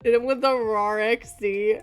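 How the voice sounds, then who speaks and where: A young woman streaming a game, chatting casually and breaking into loud laughing shrieks. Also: fairly high pitch, fairly even intonation, measured pace, clear, resonant tone, soft background music. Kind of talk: casual gaming stream chat.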